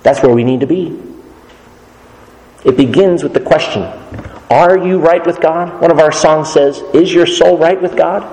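Pastor, male, fairly high voice, earnest measured sermon delivery, church hall reverb. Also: warm tone. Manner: earnest, measured preaching with scripture quotes.

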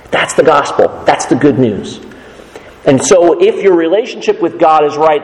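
A man's voice: a little high, a little mellow. Earnest preaching man in a reverberant church. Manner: earnest, measured preaching with scripture quotes. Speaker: pastor. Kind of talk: sermon.

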